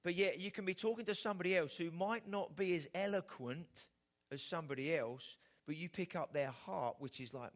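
A man's voice: sits high, brisk. A middle-aged man delivers a sermon. He talks in a conversational, slightly raised voice and keeps checking in with his listeners through rhetorical questions. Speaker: pastor.

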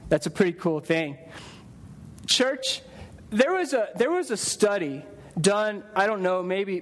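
Man, high-pitched, pastor, casual preaching, stumbling restarts. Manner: conversational preaching with repeated restarts and acted-out quotes. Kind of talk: sermon. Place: church sanctuary.

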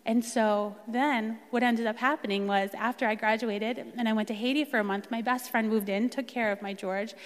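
Young American woman, higher voice, earnest testimony with acted-out quotes, reverberant hall. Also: fairly even intonation, normal speed, hardly any pauses. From United States. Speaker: speaker sharing a personal testimony. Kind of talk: personal testimony talk.

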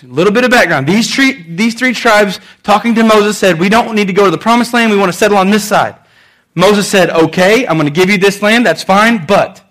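High-voiced preaching man, animated. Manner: animated preaching with swings between loud and soft; repeats phrases and restarts for emphasis. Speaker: pastor. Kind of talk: sermon.

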